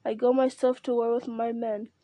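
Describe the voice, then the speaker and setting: Woman doing old king giving orders, stern, soft mellow voice. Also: fairly high pitch, level tone, moderate pace, dry recording, natural voice. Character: stern aging male king.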